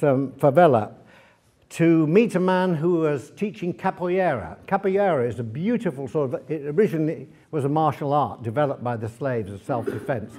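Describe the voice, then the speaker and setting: A man speaking as a guest author at a library event, telling lively travel anecdotes to an audience, with many fillers and restarts. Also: medium pitch. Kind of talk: anecdotal talk to a live audience.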